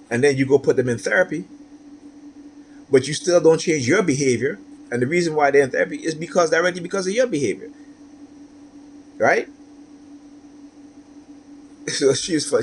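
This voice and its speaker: A man's voice: medium pitch, slight background noise. A man talking straight to camera in a personal monologue, aggrieved and repetitive, tagging his points with "right?". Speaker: vlogger.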